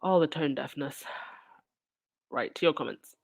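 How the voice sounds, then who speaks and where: A woman's voice: low-pitched, a little slow, vocal fry. A woman reading news aloud and breaking off into sarcastic, indignant asides as a channel host. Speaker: royal news commentator.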